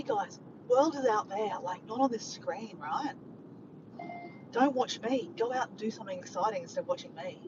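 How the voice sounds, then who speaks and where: A woman, chatting casually to camera in a rambling, upbeat vlog. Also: fairly high pitch. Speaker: vlogger. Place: in a car while driving. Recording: muffled with clear road noise.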